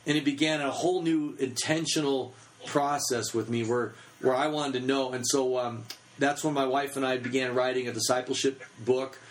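A man's voice: mid-range voice, steady tone, moderate pace, slight background noise, low-quality recording. A man in his thirties giving a casual teaching talk on children's ministry, chatty and full of fillers.

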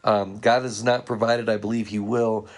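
A man's voice: fairly low pitch, little pitch movement, normal speed. A man who leads church ministry, telling earnest stories to fellow ministry workers. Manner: earnest anecdotal storytelling. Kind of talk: storytelling talk to ministry workers.

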